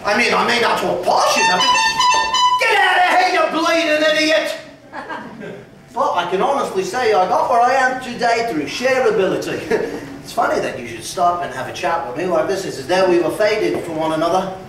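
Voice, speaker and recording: A man doing a cocky lad, high and lively. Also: normal speed. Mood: boastful. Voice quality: cheeky, boastful, lots of laughing. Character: brash young working-class London man. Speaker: stage actor. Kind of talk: live musical theatre acting. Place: theatre stage. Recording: echoey theatre stage from far off, with band music.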